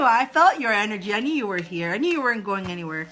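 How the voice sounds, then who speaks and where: A woman's voice: medium pitch, lively intonation, a little fast, hardly any pauses, fairly bright tone. A woman hosting live spiritual readings for viewers, emotional and effusive, often laughing and speaking straight to her audience. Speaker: spiritual reader, live-stream host.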